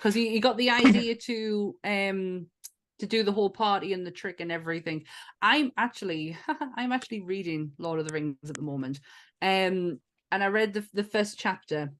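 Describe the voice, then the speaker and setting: A woman's voice: mid-range voice, normal speed. A woman with a Northern English accent, co-hosting a casual podcast chat, chatty and laughing often. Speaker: podcast co-host.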